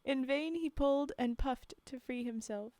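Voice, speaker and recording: A woman's voice: high-pitched, normal speed, warm tone, no echo. A woman streamer reading folktales aloud on a live stream, breaking off for laughing asides to her chat. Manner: laughing asides to chat between read passages.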